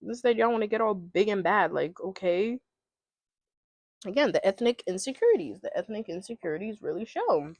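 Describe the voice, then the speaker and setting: A woman's voice: mid-range voice, sing-song, normal speed, a little mellow, no echo. A woman from America, ranting casually and emphatically in an opinion vlog, repeating her points in exasperation. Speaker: commentary vlogger. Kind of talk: casual opinion rant to camera.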